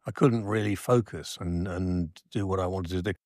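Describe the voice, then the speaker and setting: A middle-aged Geordie man talks in a casual chat, his speech rambling and often trailing off. His voice sits low, and the room sound is dry and close. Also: steady tone, normal speed, a little mellow, no room sound. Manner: rambling, self-deprecating, trailing off.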